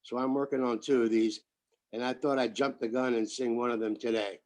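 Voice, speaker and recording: A man's voice: mid-range voice, fairly even intonation, a little fast, darkish tone. An American man in his seventies chatting on a video call, joking and telling rambling anecdotes. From United States. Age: 70s. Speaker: participant. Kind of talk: casual chat on a video call.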